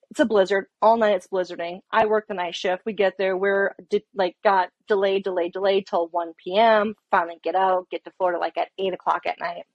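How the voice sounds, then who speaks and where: A woman's voice: mid-range voice, no echo, highs cut off. A middle-aged woman and police officer, telling a story in casual talk, swearing and acting out heated quotes. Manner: profane, animated, acts out heated quotes.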